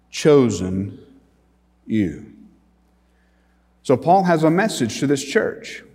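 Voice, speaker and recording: A man preaching a sermon as pastor, slow and emphatic, pausing often and swelling in volume on key words. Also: mid-range voice, darkish tone. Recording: long hall reverb.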